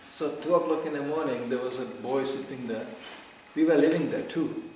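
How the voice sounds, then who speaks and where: A man's voice: medium pitch, normal speed, slight background noise. A middle-aged man telling anecdotes to a gathering, laughing often and acting out what people said. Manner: lively storyteller, laughs often, acts out quotes. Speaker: speaker telling memories to a devotional gathering. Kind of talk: anecdotal storytelling talk. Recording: very echoey room, mic far off.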